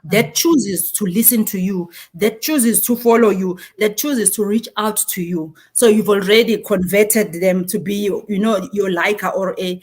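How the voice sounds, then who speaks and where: Her voice is mid-range and unhurried, with few pauses: a South African woman in her forties giving an animated marketing talk on a conference panel. She has a Zulu-inflected accent and mixes in Zulu phrases.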